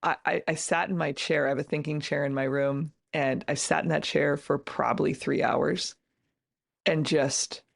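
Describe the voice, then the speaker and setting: Middle-aged woman guest, emphatic and earnest, gravelly, dry close sound. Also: low voice, fairly even intonation, normal speed, dry recording. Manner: emphatic and earnest, with many restarts. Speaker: podcast guest, author and entrepreneur. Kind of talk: casual interview conversation.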